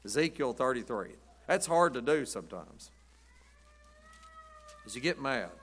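A man's voice: mid-range voice, sing-song, a little slow, fairly bright tone. A middle-aged man preaching a chatty sermon, telling rambling stories and laughing at his own jokes. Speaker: pastor. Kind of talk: folksy storytelling sermon.

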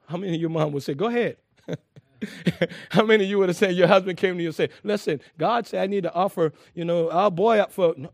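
A man preaching a sermon to a congregation, lively and emphatic, with frequent laughs and repeated phrases. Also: sits high, a little fast, dry recording, clean studio sound.

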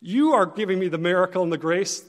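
A man's voice: high-pitched, expressive, fast talker, long reverb tail. A man voicing a wavering, frightened fisherman disciple in an anxious, raised voice during a sermon. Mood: pleading.

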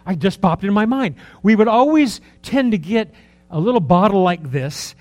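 Lively sixty-something male preacher. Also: sits high, normal speed, soft background music. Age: 60s. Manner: conversational, rambling, with rhetorical questions; lively, swings between soft asides and raised emphasis. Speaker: pastor. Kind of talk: sermon.

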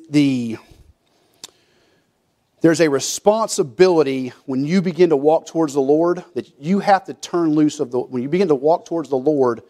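A man's voice: fairly high pitch, dark tone. A man preaching a folksy sermon, acting out quotes and often restarting his sentences. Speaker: pastor.

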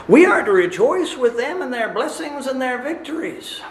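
A man preaching a sermon in a measured, deliberate way, often asking rhetorical questions. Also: extremely high pitch, big pitch swings, reverberant, a little hiss or hum.

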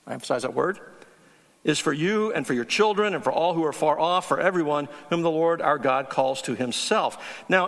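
Earnest preacher in a reverberant hall. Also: male voice, fairly high pitch, fairly bright tone. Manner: earnest teaching, emphatic on key words. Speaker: pastor. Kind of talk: sermon.

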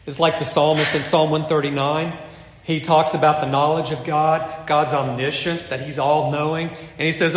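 A man preaching a sermon in an earnest, measured way, often dropping to a soft voice for emphasis. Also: fairly high pitch, reverberant, long reverb tail.

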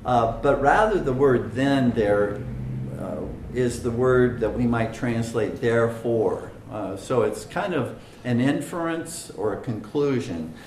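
A man teaching bible study, slow careful talk, lots of uhs, echoey room. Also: mid-range voice, darkish tone, a little hiss or hum. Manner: slow and deliberate, many "uh" fillers, stresses single words.

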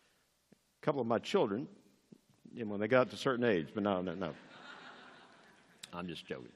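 Older preacher with a lively voice. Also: male voice, fairly low pitch, normal speed, pauses often, in a large hall. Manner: emphatic preaching, rising on key words. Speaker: pastor. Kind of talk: sermon.

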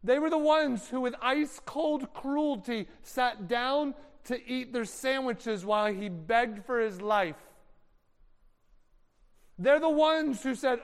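High-voiced preacher in a reverberant hall. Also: male voice, takes it slowly, clear, resonant tone. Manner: animated, dramatic, casual slang. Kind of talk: sermon storytelling.

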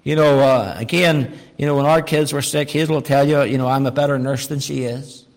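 A middle-aged man preaching a sermon in a folksy, humorous way, dropping to quiet asides and rising to emphatic calls. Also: mid-range voice, steady tone, brisk. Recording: long reverb of a large hall.

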